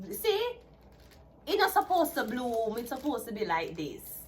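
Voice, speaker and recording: Excitable Jamaican woman reading tarot. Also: a little high, unhurried, a little hiss or hum. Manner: excitable, chatty, repeats herself. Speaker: tarot reader. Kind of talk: casual tarot reading to camera.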